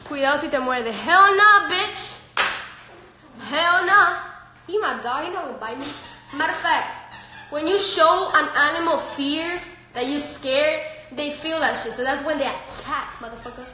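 A woman's voice: sits high, normal speed, sharp tone, slight background noise. A woman hosting a casual live stream on her phone at home, brash, profane and laughing often as she chats and talks to her dogs. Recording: echoey room.

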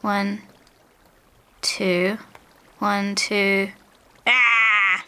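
A woman's voice: medium pitch, lively intonation, moderate pace, pushed and bright. A woman chatting casually while learning a video game, playful and self-mocking about her mistakes. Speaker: apprentice player. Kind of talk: casual gaming chat.

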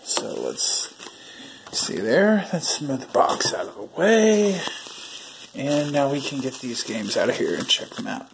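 A man hosts a casual unboxing vlog and chats directly to his viewers as he pulls items from the box. His voice sits at an ordinary middle pitch, with the easy tone of someone talking through what he is doing. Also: very animated, a little slow, vocal fry, noisy background. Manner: chatty, talks to viewers while handling items. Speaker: video host.

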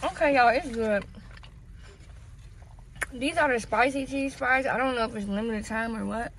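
Young woman doing a casual food review between bites, kinda high voice, light hiss behind. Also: normal speed, a bit bright, poor audio. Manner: chatty, talks to viewers while chewing. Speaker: food vlogger.

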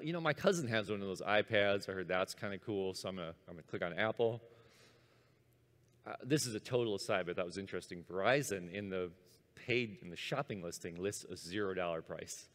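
A man in his fifties giving a conference talk, animated and acting out his own inner voice. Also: on the low side, fast. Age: 50s. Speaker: conference speaker. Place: large conference hall. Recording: long hall reverb.

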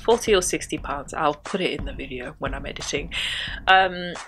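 A woman's voice: low voice, moderate pace, a bit bright, slight background noise. A woman chatting casually about hair care tools, with rambling, self-deprecating asides. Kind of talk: casual chat.

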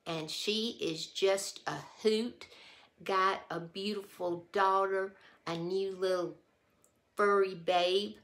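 A woman's voice: medium pitch, steady tone, slow pace, a bit bright. A woman vlogger chatting casually to camera, heartfelt and emotional, often trailing off mid-thought. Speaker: haul vlogger.

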